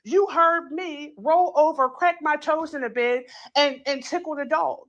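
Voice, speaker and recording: A woman hosting a casual true crime chat, talking it through in an animated, incredulous way and acting out quotes, with plenty of filler words. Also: high voice, unhurried, muffled recording. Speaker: true crime channel host. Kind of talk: casual commentary.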